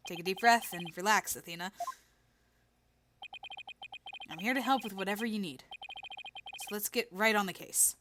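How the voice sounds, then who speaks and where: A woman voicing a calm, dry young male defense lawyer with a lowered voice. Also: fairly quick, noisy background, lightly acted. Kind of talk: fan voice-acted game playthrough.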